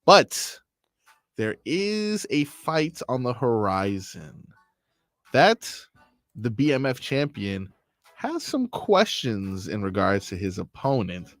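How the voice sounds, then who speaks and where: A man's voice: medium pitch, very animated, slow, no echo. A man on a sports radio show, setting up clips with laid-back, jokey asides.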